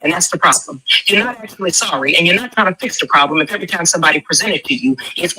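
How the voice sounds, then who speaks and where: A woman makes her case in a rapid stream. Her voice is bright and forceful, and she talks emphatic and preachy, full of rhetorical questions. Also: low-pitched, lively intonation, rough recording. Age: 40s. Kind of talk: impassioned commentary.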